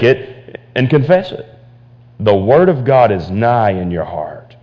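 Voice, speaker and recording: A man's voice: on the low side, very animated, slow pace, lo-fi sound. A man preaching a sermon as pastor, repeating phrases and stumbling into restarts as he builds to emphatic points. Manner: preaching with repetitions and stammered restarts, rising to emphatic. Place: church.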